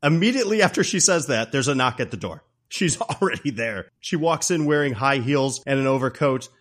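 A man's voice: medium pitch, lively intonation, normal speed, a bit bright. A man co-hosting a podcast, animatedly recapping a comedy film and laughing often. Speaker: podcast co-host. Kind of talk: casual movie recap.

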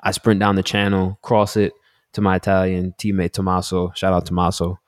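A man from Delaware telling youth sports stories in a casual chat, acting out shouted quotes. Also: sits low, normal speed, dry recording, studio quality. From Delaware, United States. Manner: animated storyteller, acts out loud quotes.

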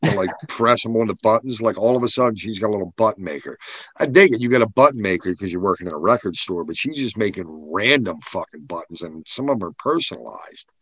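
A man's voice: fairly low pitch, lively intonation, fast talker, fairly bright tone, husky, no echo. A man co-hosting a podcast, joking and bantering in a casual, profane way. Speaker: podcast co-host. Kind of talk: casual chat.

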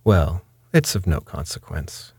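A cool, genteel pirate captain, read by a man. He speaks like a courtly gentleman, never ruffled, in a deep, slightly husky voice with a dry, close sound. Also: sing-song, measured pace, no echo, full character voice. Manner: polished gentleman's speech, unflustered.

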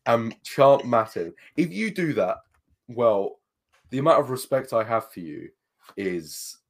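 A man's voice: medium pitch, big pitch swings, measured pace, creaky. A man in casual conversation, reading passages aloud from books and giving emphatic advice. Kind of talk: casual chat.

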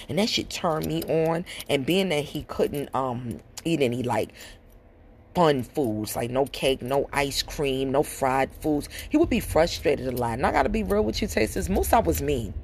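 A woman's voice: sits low, animated, moderate pace, a little mellow, a little hiss or hum. A woman hosting a podcast, telling a personal story bluntly and with frank profanity. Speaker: podcast host. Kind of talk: casual storytelling monologue.

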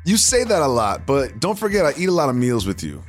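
A man co-hosting a podcast, joking in casual, animated banter and laughing often. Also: medium pitch, fairly quick, faint music behind. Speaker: podcast co-host.

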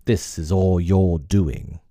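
A man voicing a brooding, menacing old pirate captain in a storybook reading, speaking slowly and in a hushed, sometimes whispered way. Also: low voice, steady tone, no echo, studio quality.

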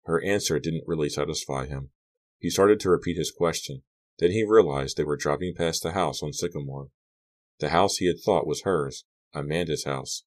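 A male narrator with an exceptionally deep, low voice reads a teen horror novel aloud. He delivers it as steady scripted audiobook narration and shifts his voice a little for each character's lines.

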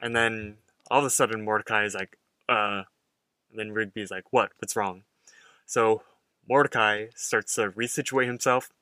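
A man's voice: lowish voice, brisk, clear, resonant tone, no echo. A man in his twenties co-hosting a podcast, chatting casually and acting out characters' lines as he recaps a cartoon. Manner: animated, acts out characters' lines while recapping. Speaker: podcast co-host.

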